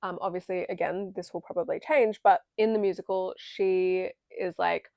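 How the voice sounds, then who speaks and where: Chatty young woman with vocal fry. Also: fairly low pitch, steady tone, moderate pace, few pauses, dark tone, no echo. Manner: chatty, full of "like" and "um", swears casually. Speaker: video essay creator. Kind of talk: casual film analysis.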